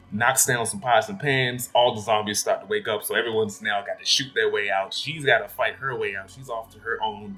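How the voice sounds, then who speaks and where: Brief: male movie reviewer, low-ish voice, rambling and blunt, swears a lot, faint music underneath. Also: bright, forceful tone. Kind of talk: casual spoken film review.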